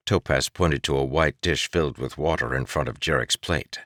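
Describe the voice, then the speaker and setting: Low-voiced male audiobook narrator. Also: normal speed, few pauses, fairly bright tone, no room sound, studio quality. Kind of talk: scripted narration.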